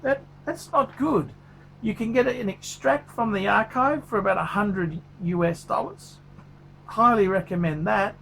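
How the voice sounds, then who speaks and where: A man puts on a foul-mouthed, furious male watch reviewer who rants bluntly and swears in nearly every sentence. His voice is gravelly with a fry at the edges and sits fairly high for a man. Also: measured pace, fairly bright tone, slight background noise, full character voice. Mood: measured. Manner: swears constantly, ranting, blunt. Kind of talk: paid watch review rant.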